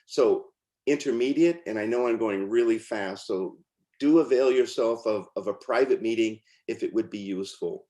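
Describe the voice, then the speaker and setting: A man's voice: fairly low pitch, normal speed, warm tone. A man teaching as he walks through pronunciation lessons on screen, in an informal way with fillers and restarts. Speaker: teacher demonstrating software. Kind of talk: screen-share walkthrough.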